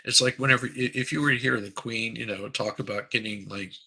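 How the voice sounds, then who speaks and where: Gravelly, husky-voiced male streamer. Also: mid-range voice, steady tone, a little fast, bright, forceful tone, low-quality recording. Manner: rambling, crude, reads chat aloud. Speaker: livestream host. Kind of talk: casual live-stream commentary.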